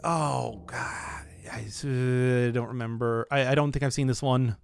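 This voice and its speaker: A man commenting on a puzzle game as he plays, thinking aloud and hesitating, with sudden bursts of excitement. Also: medium pitch, unhurried, creaky, a little hiss or hum. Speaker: let's play host. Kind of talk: let's play commentary.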